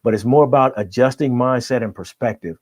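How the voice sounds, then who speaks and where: Emphatic motivational coach, dry sound. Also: male voice, mid-range voice, a little fast, darkish tone, dry recording. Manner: emphatic, keeps checking in with "right?". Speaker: guest coach. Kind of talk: motivational podcast talk.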